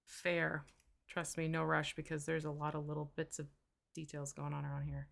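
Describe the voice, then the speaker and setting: A woman co-hosting a casual painting livestream, lively and jokey with bursts of laughter. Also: sits low, normal speed, vocal fry. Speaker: co-host learning mini painting.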